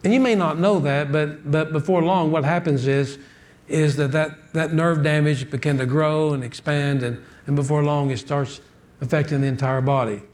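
High-voiced folksy preacher. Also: male voice, fairly even intonation, normal speed, darkish tone. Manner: folksy storytelling preacher, repeats words. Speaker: pastor. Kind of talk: sermon.

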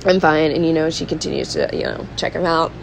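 Animated young woman, podcast host. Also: deep voice, fast, creaky, a little hiss or hum, rough recording. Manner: animated, acts out characters' lines in voices, laughs often. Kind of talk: casual chat recapping a film.

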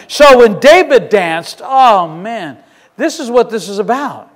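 Speaking slowly and expressively in a very high voice, this pastor delivers a fervent, emphatic sermon, often circling back to repeat or restart lines. He's in a church sanctuary, and a big hall's long reverb hangs on every word.

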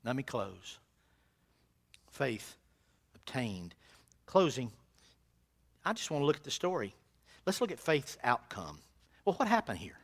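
A male pastor preaching a sermon in a church, with folksy phrasing, swinging from hushed asides to loud, fervent calls. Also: mid-range voice, huge pitch swings, brisk. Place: church sanctuary.

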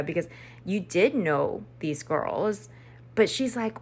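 A woman's voice: fairly low pitch, slow, fairly bright tone. A woman casually recapping a book, chatty and slangy, full of "like" and the odd swear word. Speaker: book reviewer.

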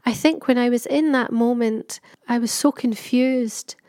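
A middle-aged woman speaks in a candid, chatty personal monologue, her voice sitting a little high. She circles back often with fillers and restarts. The sound is dry and close, with no room around it. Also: steady tone, a little slow, warm tone, no room sound. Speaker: patient telling her story.

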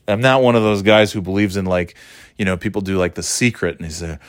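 A low-voiced man rambles through a solo podcast, sarcastic and swearing freely. He talks into a phone as he paces, and the sound is dry and close. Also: steady tone, fast talker, no room sound. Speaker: podcast host. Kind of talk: casual solo podcast monologue. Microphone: phone held while walking.

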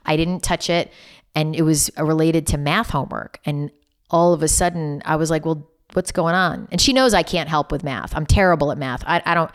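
A woman's voice: low voice, fairly quick. A middle-aged woman, a podcast guest, chatting casually and acting out conversations as she tells stories. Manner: animated storyteller, acts out dialogue. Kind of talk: casual interview chat.

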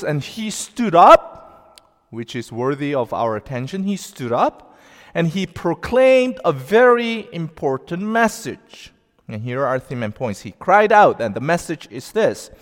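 Man, pastor, sermon, unhurried, emphatic, lively sweeping intonation, long church reverb. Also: on the high side. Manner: slow, deliberate, emphatic preaching with rising outbursts. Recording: long reverb of a large hall.

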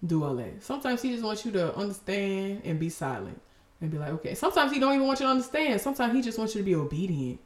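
A woman's voice: mid-range voice, echoey room. A woman hosting a faith podcast, speaking expressively and emotionally, laughing through tears. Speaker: podcast host.

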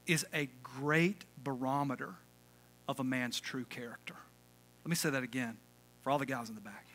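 A male pastor preaching a lively, conversational sermon, calling out to the congregation. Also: mid-range voice, moderate pace. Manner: energetic, conversational, calls for audience response.

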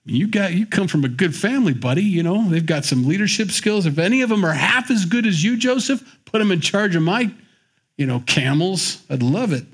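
A man's voice: high-pitched, fairly quick, slightly rough. A man teaching the Bible in a conversational, joking way, acting out the scenes as he goes. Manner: animated, joking storyteller who acts out the scenes.

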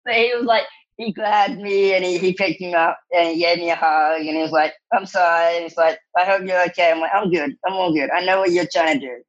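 A man with a high, light voice tells stories in a relaxed interview. His delivery is animated, and he laughs often and acts out what others said in lively bursts. The recording sounds slightly dull and lo-fi. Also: a little fast. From New Zealand. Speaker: actor guest. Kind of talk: casual storytelling interview.

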